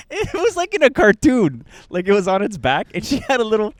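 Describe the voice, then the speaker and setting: A man's voice: high voice, moderate pace, no room sound. A man co-hosting a podcast in casual chat, telling stories with frequent laughter. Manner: laughs often, animated storytelling. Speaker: podcast co-host.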